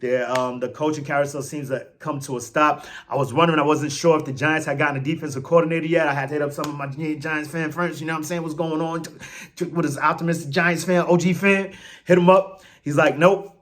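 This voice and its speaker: A man hosting a casual sports fan show, talking in an animated, slangy way with emphatic outbursts. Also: fairly high pitch, fast, a little hiss or hum. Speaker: sports podcast host.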